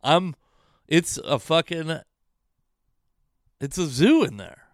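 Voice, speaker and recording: A man's voice: on the high side, big pitch swings, takes it slowly, no echo, clean studio sound. A comedian hosting his own podcast, ranting casually in an exasperated, profane, rambling way about his bad week at home. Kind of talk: casual self-deprecating monologue.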